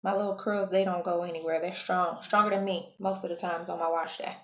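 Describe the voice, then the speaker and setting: A woman hair vlogger talking through her wash-day routine in a relaxed, chatty way, often correcting herself mid-sentence. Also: lowish voice, fairly quick. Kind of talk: casual how-to vlog. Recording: echoey room, faint background hum.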